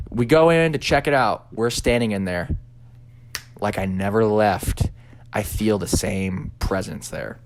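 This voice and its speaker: A young man casually telling a personal story as a podcast co-host, animated and swearing, acting out his own reactions. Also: lowish voice, measured pace.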